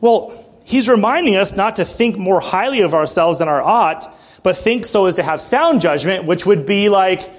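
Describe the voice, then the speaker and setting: A man preaching a sermon in a church, passionate, with joking asides and frequent throat clearing. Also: high-pitched, lively intonation, normal speed.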